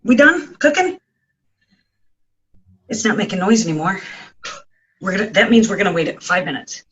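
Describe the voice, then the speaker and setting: A man's voice: high voice, fairly quick, fairly bright tone, lo-fi sound. A man chatting casually through a home cooking vlog, making joking asides and talking to his cat in his kitchen. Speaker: home cook vlogger.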